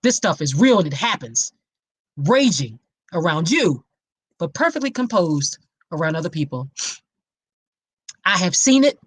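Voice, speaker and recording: A woman's voice: on the low side, sing-song, a little slow, pauses often, breathy edge, no room sound. Woman podcast host, emphatic and preachy, talking straight to her audience, dry close sound. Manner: preachy and emphatic, addresses listeners directly. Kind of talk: impassioned awareness talk.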